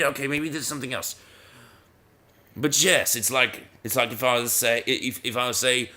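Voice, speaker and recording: Lively, bright-voiced man rambling over a game. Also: mid-range voice, moderate pace. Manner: rambling, stammers and repeats words, self-mocking. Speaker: gaming video host. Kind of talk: casual let's-play commentary.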